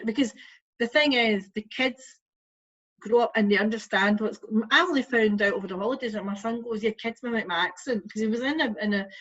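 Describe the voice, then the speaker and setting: A woman's voice: fairly high pitch, lo-fi sound. A woman, a mother and podcast guest, telling stories about her son in an earnest, passionate way. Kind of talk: passionate casual debate.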